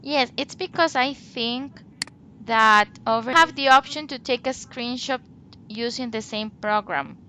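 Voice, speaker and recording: A woman teaching English over a video call. Her delivery is slow and deliberate, and she exaggerates the rise and fall of her examples. Her voice is bright and a little high, with faint background noise. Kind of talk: online one-to-one lesson.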